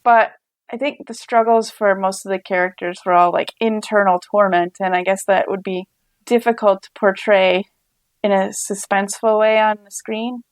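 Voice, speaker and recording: A woman in an easygoing podcast chat, speaking at a middling pitch. She talks frankly and strings thoughts together with plenty of "like". The recording is dry and close, with no room sound. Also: fairly even intonation, moderate pace, no echo. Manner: chatty, frank, many filler likes. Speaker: podcast co-host. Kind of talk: casual chat.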